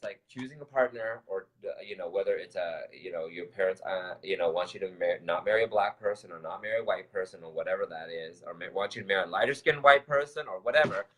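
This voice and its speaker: A man with a lowish voice co-hosts a casual talk show. He tells his story in an animated, rambling way, full of fillers, restarts and bursts of laughter. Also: low-quality recording. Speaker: co-host. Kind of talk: casual chat.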